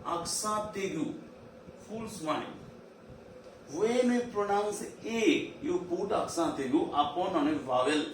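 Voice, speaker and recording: A teacher with an Indian English accent and a high, lively voice leads a virtual class, drilling each term slowly and repetitively. Recorded from a distance, he sits far from the mic, leaving an echoing room and a faint hiss.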